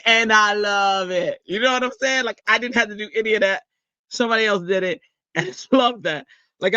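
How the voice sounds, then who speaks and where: A woman hosts a live crafting stream, talking in a chatty, excitable way. Her voice is bright and forceful. The sound is dry and close, a little dull and lo-fi. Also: fairly low pitch, no echo. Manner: excitable and chatty, often bursting into giddy squeals. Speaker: craft livestream host. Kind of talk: casual live chat to viewers.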